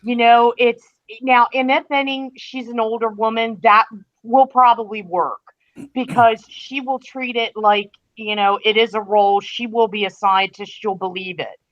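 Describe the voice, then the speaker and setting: A woman's voice: on the high side, fairly even intonation, moderate pace, a bit bright. A woman co-hosting a podcast, giving candid opinions in a hesitant, casual way over dull lo-fi audio. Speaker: podcast co-host. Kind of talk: casual chat.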